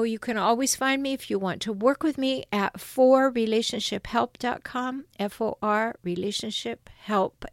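A woman giving earnest, encouraging relationship advice as a coach and author, speaking directly to her listeners with emphatic, steady reassurance. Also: a little high, no echo, studio quality. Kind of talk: direct-to-camera advice talk.

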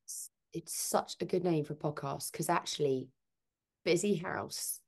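A woman's voice: deep voice, unhurried, breathy edge. A woman, a podcast guest and author, talking about parenting in a conversational interview and acting out quoted speech. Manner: animated, acts out quoted speech.

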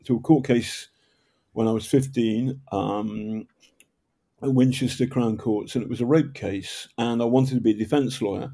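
An older man with a northern English accent talks through a long interview answer in a mid-pitched voice. He tells his stories in a rambling way, breaking off mid-sentence and starting again. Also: fairly even intonation, normal speed, vocal fry, warm tone. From Northern England. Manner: rambling, self-interrupting storyteller with projected voice. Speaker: guest, journalist and author. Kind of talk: conversational storytelling interview.

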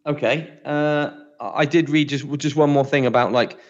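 A man's voice: on the high side, steady tone, normal speed. A man from Britain co-hosting a podcast, chatting casually and rambling through restarts and fillers. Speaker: podcast co-host. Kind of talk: casual chat. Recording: dull lo-fi sound.

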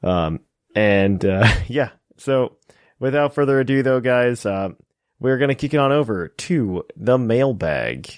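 A man hosts a podcast and steers the show between segments in a casual chat voice. His pitch sits in the middle, and he talks easygoing and halting. The sound is dry, with no room in it. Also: animated, no echo. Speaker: podcast host.

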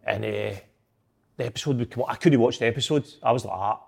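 A man's voice: mid-range voice, fast, vocal fry, slightly rough. Laughing man telling stories. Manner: laughs often, animated storytelling. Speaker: footballer guest. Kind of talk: casual storytelling chat.

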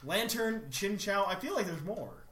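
A man's voice: high-pitched, expressive, normal speed, a bit bright. A man hosting a casual podcast with friends, reading listener emails aloud in a mock-formal tone. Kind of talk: casual chat. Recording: echoey room, faint noise.

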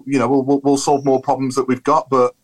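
Fast-talking, chatty football pundit man. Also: mid-range voice, completely flat delivery, rough recording. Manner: rambling, chatty, opinionated. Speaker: podcast panelist. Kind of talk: casual football chat.

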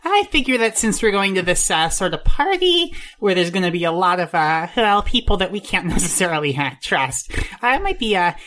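Woman player, fumbling and animated. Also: medium pitch, brisk. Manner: fumbling, filler-heavy. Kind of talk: in-character tabletop role-play.

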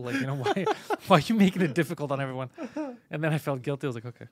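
A man's voice: on the high side, big pitch swings, very fast, dry recording. A man hosting a podcast in casual chat, laid-back and self-mocking, swearing freely. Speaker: podcast host.

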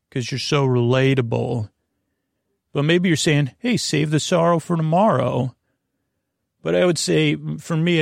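Gravelly man rambling through a comic monologue. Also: mid-range voice, dry recording, clean studio sound. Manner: halting, full of fillers and restarts, sings quotes slowly. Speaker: comedy podcast host.

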